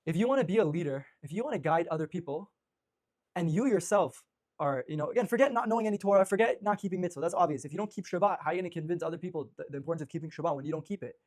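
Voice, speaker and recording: A man teaching an informal religious class, energetic, with many restarts and fillers. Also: a little high, racing.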